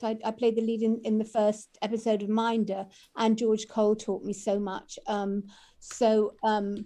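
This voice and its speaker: A woman speaking as an actress guest, gushing about the people she admires. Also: mid-range voice. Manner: warm, gushing praise of colleagues. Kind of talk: casual chat on a video call.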